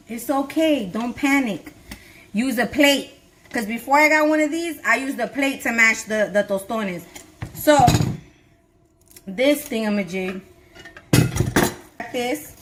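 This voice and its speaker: A woman with a slightly high voice walks viewers through a home recipe in loose, slangy, excitable talk. Her kitchen is noisy, with food frying and sizzling clearly behind her. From Miami-Dade, Florida. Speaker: home cook vlogger. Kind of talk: casual cooking demo.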